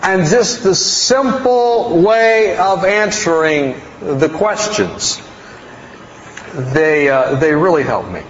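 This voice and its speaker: A man's voice: fairly high pitch, expressive, takes it slowly. Folksy preacher man in an echoing hall. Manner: folksy, rambling, self-mocking humor. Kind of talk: storytelling sermon. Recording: roomy hall, dull sound, faint noise.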